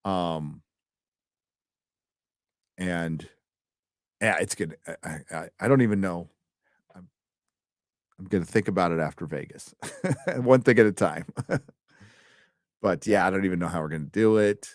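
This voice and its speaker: A man's voice: sits low, a little slow, long pauses, no echo. Male live-stream host, casual and profane, trips over his words; dry close recording. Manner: loose and chatty, swears freely, often stumbles over words. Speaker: host reading donations.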